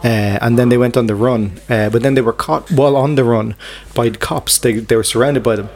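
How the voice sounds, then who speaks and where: A man co-hosting a podcast in casual chat. He tells stories in an animated way and often restarts his sentences. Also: medium pitch, a little fast. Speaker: podcast co-host.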